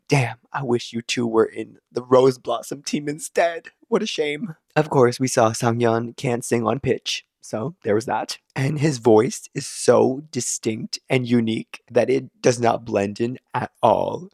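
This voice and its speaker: A man giving an opinionated, sarcastic casual recap of a competition show, now and then jumping up high to exclaim. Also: darkish tone, no room sound, clean studio sound.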